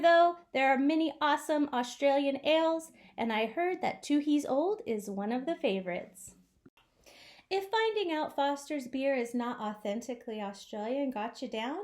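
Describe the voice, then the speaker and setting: A woman's voice: fairly high pitch, a little mellow. A young woman from the United States hosting a travel vlog in playful, jokey scripted narration with theatrical asides. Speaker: vlog host.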